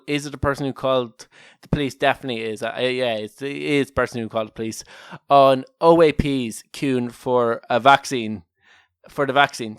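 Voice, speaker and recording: A man's voice: mid-range voice, clean tone, dry recording, clean studio sound. An Irish man co-hosting a casual comedy podcast, telling a story in a jokey way and laughing often at his own lines. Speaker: podcast co-host.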